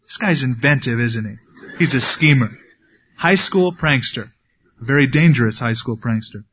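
A man's voice: mid-range voice, expressive, normal speed, fairly bright tone, slightly rough, dull audio. A man preaching a sermon, reading scripture and adding wry, conversational asides. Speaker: pastor.

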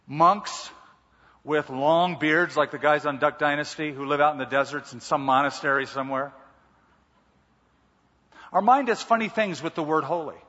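Husky man preaching in a big hall. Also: fairly high pitch, normal speed, long pauses, sharp tone. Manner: emphatic, repeats key words. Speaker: pastor. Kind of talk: sermon. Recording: muffled hall reverb.

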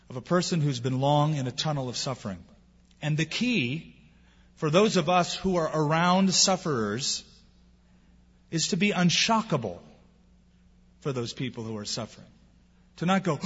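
A man's voice: on the high side, lively intonation, moderate pace, long pauses, fairly bright tone, breathy edge. A man preaching a sermon as pastor, asking rhetorical questions and acting out the people he quotes. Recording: dull sound with long hall reverb.

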